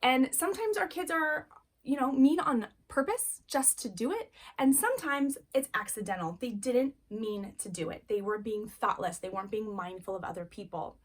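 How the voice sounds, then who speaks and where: A woman's voice: on the high side, lively intonation, moderate pace. A woman, a mother of young children, giving a casual spoken lesson on parenting in an earnest, encouraging way and repeating key phrases. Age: adult parent. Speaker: parenting course teacher.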